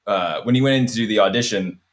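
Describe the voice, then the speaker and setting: Low-voiced man chatting on a film podcast. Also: quick pace. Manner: rambling, laughs while telling anecdotes. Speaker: podcast host. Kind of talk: casual film review chat.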